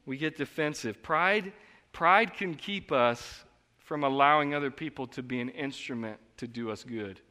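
A man preaching a sermon in an earnest, conversational way, moving between quiet reflection and emphatic outbursts, in a church. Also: medium pitch, normal speed, long reverb tail. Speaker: pastor. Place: church sanctuary.

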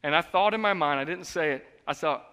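A man preaching a sermon in an earnest, conversational way, moving between quiet reflection and emphatic outbursts, in a church. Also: fairly high pitch, brisk, clean tone, in a large hall. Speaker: pastor. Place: church sanctuary.

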